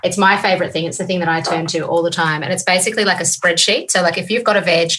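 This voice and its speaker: A woman's voice: lowish voice, fairly even intonation, quick pace, bright, forceful tone, a little hiss or hum. A woman from Georgia, a guest cookbook writer and presenter, talking enthusiastically in a casual podcast interview.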